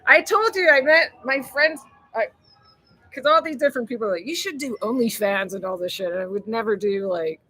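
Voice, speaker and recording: A woman's voice: fairly high pitch, a little fast, bright, forceful tone, low-quality recording. A woman hosting a casual live stream, rambling and chatty, laughing often and swearing freely as she reads viewer comments.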